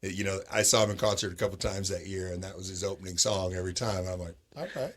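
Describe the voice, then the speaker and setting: Speaking low and quickly, this podcast guest is a middle-aged man from Sacramento, California, who owns roller rinks. He tells stories casually and with energy, performing the voices of whoever he's quoting.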